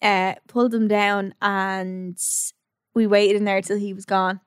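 A young Irish woman in casual chat, talking in quick restarts full of "like". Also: medium pitch, little pitch movement, smooth, no room sound, studio quality. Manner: chatty, lots of "like" and restarts.

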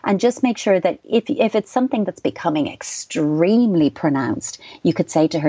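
A middle-aged Irish woman with a low voice gives calm, explanatory parenting advice. The sound is dull and dry, like a radio studio. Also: husky, no room sound. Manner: measured, reassuring, explanatory. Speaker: child psychotherapist guest.

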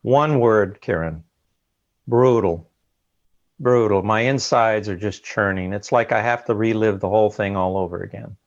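A man speaks as an interview guest with a gravelly, creaky voice. He talks in an earnest, halting way, often doubling back on his words. The sound is dry and muffled, like a lo-fi remote line. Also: fairly low pitch, no echo. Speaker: guest recounting a submersible ordeal. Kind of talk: emotional interview account.

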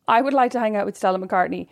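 A woman, co-hosting a podcast in animated, gossipy casual chat. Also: mid-range voice, fairly quick, vocal fry. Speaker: podcast co-host.

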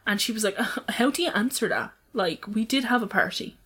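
A woman's voice: a little high, brisk, fairly bright tone. A woman, co-hosting a casual, gossipy podcast chat and reading news headlines aloud. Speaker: podcast co-host.

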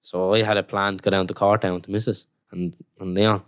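Low-voiced footballer, rambling. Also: male voice, level tone, brisk, clean tone, dry recording, studio quality. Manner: rambling storytelling with many "like"s. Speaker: professional footballer. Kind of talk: casual podcast chat.

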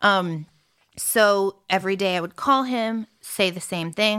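A woman's voice: mid-range voice, measured pace, a bit bright, clear, resonant tone. An American woman musician talking casually in an interview, chatty and full of fillers, laughing often. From United States. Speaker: musician guest.

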